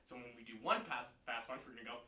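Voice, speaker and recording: A man teaching a martial arts class online, counting out moves, shouting kiai and giving encouraging pep talks. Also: mid-range voice, quick pace. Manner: encouraging, pep-talk delivery. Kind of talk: leading a livestream class. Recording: echoey room, voice far from mic.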